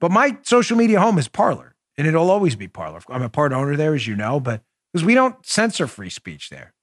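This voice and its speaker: A man from New York, with a slightly high voice, hosts a political show in an animated, sarcastic, combative manner. The sound is dry and close-miked, with no room echo. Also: fairly quick. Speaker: political podcast host. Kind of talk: opinionated talk show monologue.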